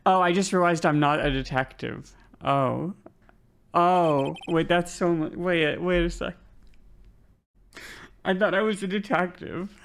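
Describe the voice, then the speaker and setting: A woman's voice: fairly low pitch, a little slow, pauses often, a little hiss or hum. A woman streaming a game playthrough, making wry, self-mocking asides while she reads along. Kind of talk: casual let's-play commentary.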